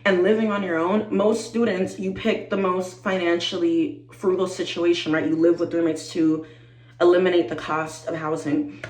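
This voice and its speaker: A woman in her twenties chatting to camera, animated and talkative, calling her viewers y'all and growing teary-eyed. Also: on the low side, moderate pace, roomy sound, poor audio. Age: 20s. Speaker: vlogger. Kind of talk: casual chat to camera.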